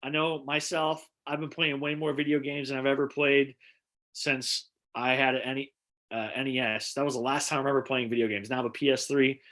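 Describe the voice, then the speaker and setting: A man's voice: medium pitch, little pitch movement, brisk, fairly bright tone. A man hosting a live-streamed comedy show over a video call, chatty and upbeat as he introduces the comedians.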